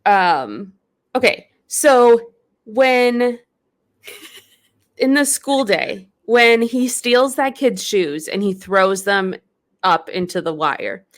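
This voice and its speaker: A woman's voice: mid-range voice, animated, slow pace. Easygoing woman podcast co-host. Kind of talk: casual chat.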